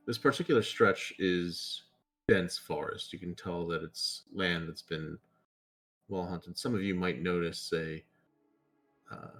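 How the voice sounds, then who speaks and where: A man's voice: low voice, gravelly. A man running a tabletop horror game as game master, narrating in a loose, chatty way.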